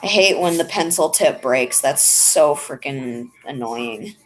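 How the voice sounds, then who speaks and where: Chatty young woman with a lowish voice. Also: lively intonation, takes it slowly, rough recording. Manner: rambling, chatty. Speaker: vlogger. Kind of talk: casual chat while drawing.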